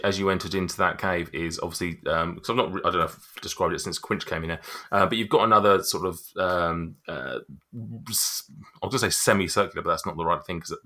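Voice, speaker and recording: A man's voice: low voice, sharp tone. A man running a tabletop game as game master, describing scenes with many ums and restarts. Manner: rambling, hesitant descriptions full of ums.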